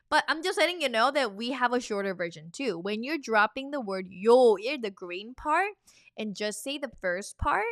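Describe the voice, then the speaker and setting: Young female language teacher, crisp smooth voice, bubbly, encouraging drills, dry close recording. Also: mid-range voice, fairly bright tone, no room sound. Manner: chatty and encouraging, drills words in threes. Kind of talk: energetic vocabulary lesson.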